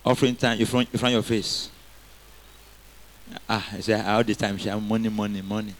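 A man's voice: fairly low pitch, flat delivery, normal speed. Man preaching a call-and-response sermon. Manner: call-and-response preaching, repeating lines for the congregation.

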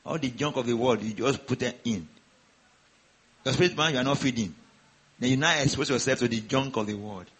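A man's voice: medium pitch, fairly quick, long pauses, a bit bright, slightly rough, rough recording. A man preaching a sermon to a congregation, exhorting them with rhetorical questions and repeated calls.

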